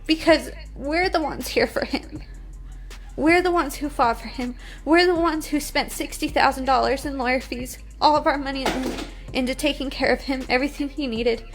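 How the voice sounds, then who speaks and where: A woman's voice: high-pitched, normal speed, soft background music. A woman in her twenties, crying as she talks in an upset, defiant livestream monologue on her phone. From United States. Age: 20s. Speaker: reality TV personality.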